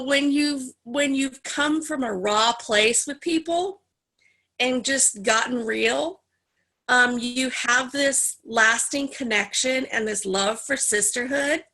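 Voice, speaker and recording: Woman, high bright voice, animated personal storyteller in a support group. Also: slow pace. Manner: animated storyteller, acts out others' lines in a higher voice. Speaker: group member sharing a story. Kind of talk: casual personal sharing in a group session.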